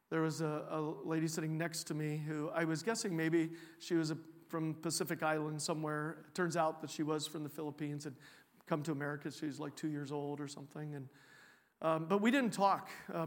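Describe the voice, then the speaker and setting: A man preaching a sermon, telling a personal story in a relaxed, conversational way with frequent fillers and restarts. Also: a little high, long reverb tail. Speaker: pastor.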